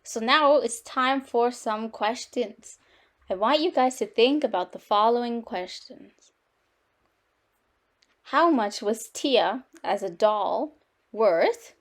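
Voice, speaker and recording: A woman reads a children's story aloud with lively, expressive delivery. Her voice sits a bit high, and she leans into the telling like a storytime host. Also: takes it slowly. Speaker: storytime reader.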